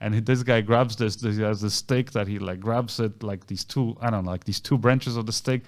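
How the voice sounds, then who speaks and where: A man co-hosting a podcast, casually retelling a story and acting out the voices of the people in it with big jumps in pitch. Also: fairly even intonation, fairly quick. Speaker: podcast co-host.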